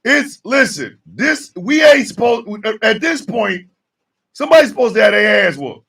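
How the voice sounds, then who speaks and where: Host: male, high and lively pitch, gravelly, fired-up ranting monologue, slightly distant mic. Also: moderate pace. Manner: fired-up and shouting, mock call-outs. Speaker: morning show host. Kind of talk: ranting talk show monologue.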